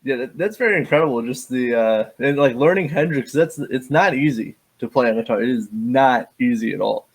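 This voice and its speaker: Brief: young adult male host, mid-pitched voice, eager, stumbling through restarts. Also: husky. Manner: halting, restarts phrases, enthusiastic responses. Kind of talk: casual interview chat.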